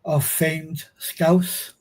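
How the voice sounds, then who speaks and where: A man from Liverpool speaks slowly in a dark, mellow, husky voice. He mostly chimes in briefly and agrees with the speaker. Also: fairly high pitch, flat delivery. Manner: slow, brief agreeing interjections. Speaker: guest. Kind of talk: casual chat.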